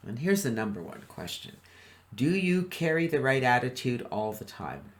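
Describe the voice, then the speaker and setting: A man's voice: medium pitch, big pitch swings, normal speed, fairly bright tone. Upbeat man presenting a motivational webinar. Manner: upbeat, often asks the audience questions; chuckles between points.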